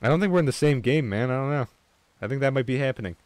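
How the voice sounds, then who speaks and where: A young man streaming an online game with viewers, chatting casually, swearing freely and getting excited. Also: mid-range voice, very fast, dry recording. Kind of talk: casual gaming chat.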